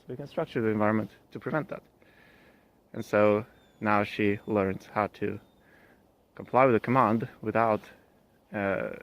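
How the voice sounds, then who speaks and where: A man's voice: fairly low pitch, creaky. A man explaining his dog training approach in a casual, thinking-aloud way, with plenty of fillers and restarts.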